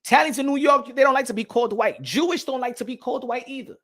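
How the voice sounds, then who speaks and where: High-voiced man ranting heatedly. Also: fast talker, a bit bright. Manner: heated, profane, repeats himself. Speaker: boxing channel host. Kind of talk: casual opinion rant to camera.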